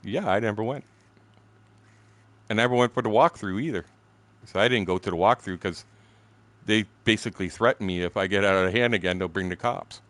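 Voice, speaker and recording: A man's voice: lowish voice, fairly quick, pauses often, a bit bright, dry recording. A man in his sixties from Canada, telling a story during a game stream in a blunt, profane, laughing way. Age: 60s. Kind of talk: casual storytelling chat.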